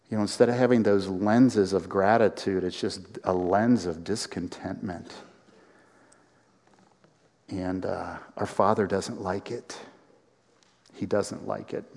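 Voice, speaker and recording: A man preaching a sermon to a congregation, animated, with acted-out quotes and rising emphasis. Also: fairly low pitch, creaky, long reverb tail. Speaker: pastor.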